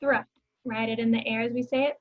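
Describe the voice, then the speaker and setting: A young woman teacher giving a phonics lesson to young children, slowly sounding out words and letters and encouraging them to repeat after her. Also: on the high side, little pitch movement, highs cut off.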